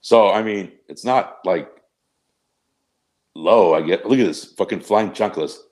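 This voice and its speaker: Man, very low voice, laid-back, casual podcast chat, swears offhandedly. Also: unhurried, darkish tone. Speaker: podcast co-host.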